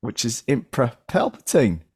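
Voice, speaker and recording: A man hosting a casual podcast chat, his pitch bouncing in a lively way as he laughs and restarts his sentences. The sound is dry and close. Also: normal speed, husky, no echo. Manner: chatty, laughs often, restarts. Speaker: podcast host.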